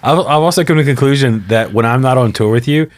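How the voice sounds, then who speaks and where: A man's voice: mid-range voice, quick pace, no room sound. A man in a casual podcast chat, cracking jokes and laughing often. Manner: joking and lively, laughs often.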